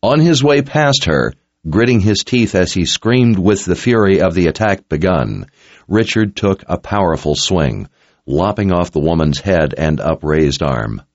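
A man's voice: low-pitched, animated, unhurried, dry recording, dull audio. A man reading a dramatic story aloud as narrator, in an intense, scripted audiobook style.

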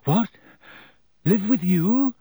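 A man reading aloud voices a croaky young boy wizard, raised in pitch and blunt in his questions. He sounds eager and direct. Close, dry audiobook sound. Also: big pitch swings, slow pace, mellow, dry recording, full character voice. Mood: excited.

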